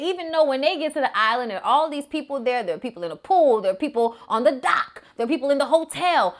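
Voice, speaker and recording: Sassy, animated woman recapping a movie. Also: high voice. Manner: animated, sassy, talks straight to viewers. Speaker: movie reviewer.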